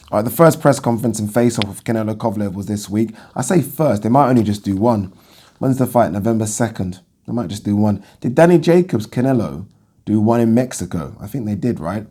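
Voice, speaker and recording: A man talks straight to his viewers in a casual monologue. His voice sits fairly low and mellow. He is blunt and opinionated and swears freely when something annoys him. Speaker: boxing channel host.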